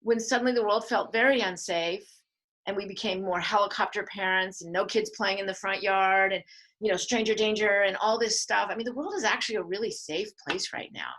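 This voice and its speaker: A woman's voice: medium pitch, brisk, rough recording. A middle-aged woman, a filmmaker and mother, speaking earnestly as a guest in a conversational interview. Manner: earnest, animated when quoting others.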